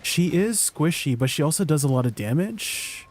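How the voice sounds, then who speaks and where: A man's voice: on the high side, lively intonation, moderate pace, a little mellow. A young man streaming a game, answering his viewers in a teasing, incredulous way. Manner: incredulous, teasing replies to chat. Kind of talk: live stream chat with viewers.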